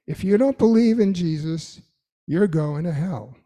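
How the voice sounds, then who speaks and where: A man's voice: high voice, lively intonation, a little slow, warm tone. A man giving an earnest, emphatic sermon-style talk to a live audience, repeating phrases for weight. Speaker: speaker addressing a live audience.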